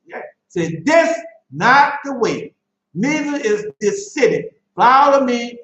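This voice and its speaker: A man preaching a sermon, reading scripture aloud and breaking off to comment emphatically, with rhetorical questions and bursts of shouting. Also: high-pitched, roomy sound, low-quality recording.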